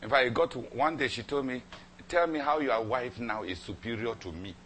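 A man preaching a sermon, telling a personal story with dramatic repetition and emphatic swings between loud and soft. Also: medium pitch, brisk, slight background noise. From Cameroon. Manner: dramatic, repeats phrases for emphasis.

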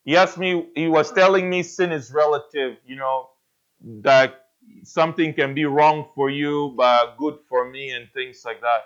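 A man's voice: fairly high pitch, steady tone, a little slow, a bit bright, smooth, dull audio. A man preaching a sermon, earnest, putting repeated questions to his listeners. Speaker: pastor.

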